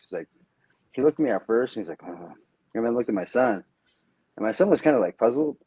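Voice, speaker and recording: A man chatting as a podcast guest, telling stories with lively acted-out quotes. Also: mid-range voice, breathy edge, no room sound, muffled recording. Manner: animated storyteller, acts out quotes. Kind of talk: casual podcast chat.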